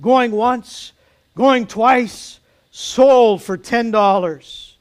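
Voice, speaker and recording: A man's voice: extremely high pitch, extremely slow, clean tone, pitched above the performer's own voice, exaggerated voice. A man voicing a male auctioneer who keeps calling for bids. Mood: insistent.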